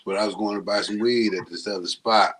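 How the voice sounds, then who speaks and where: A man's voice: on the low side, fairly even intonation, brisk, fairly bright tone, a little hiss or hum. A man telling stories in a casual chat, acting out the people he quotes. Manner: acts out quotes in funny voices.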